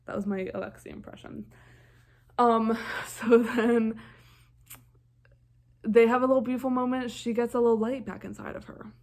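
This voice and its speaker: A woman's voice: on the high side, fairly even intonation, moderate pace, pauses often, a little mellow. A young woman casually recapping a film's plot in a rambling, enthusiastic way, full of fillers. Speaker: film reviewer.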